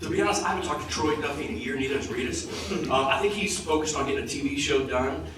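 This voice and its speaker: A man's voice: fairly high pitch, fast talker. A man as a convention panel guest, swearing constantly as he tells a rambling comic story. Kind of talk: profane comic anecdote. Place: large convention hall. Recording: echoey hall, distant mic, loud crowd noise.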